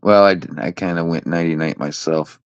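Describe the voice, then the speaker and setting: A man's voice: low-pitched, fairly even intonation, brisk, smooth. A man hosting a casual livestream, rambling and swearing, teasing his chat in a lazy sing-song. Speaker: livestream host. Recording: dull lo-fi stream audio.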